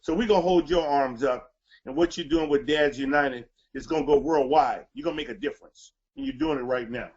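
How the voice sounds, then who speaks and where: A man's voice: fairly high pitch, a little fast, a little mellow, slightly rough, highs cut off. A middle-aged man speaking to fathers on a talk show, preaching and repeating lines for emphasis. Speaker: guest speaker.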